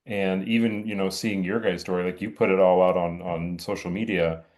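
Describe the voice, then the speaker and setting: A man interviewing a guest, speaking in a gentle, reflective and supportive way. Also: low-pitched, fairly even intonation, normal speed. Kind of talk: interview conversation.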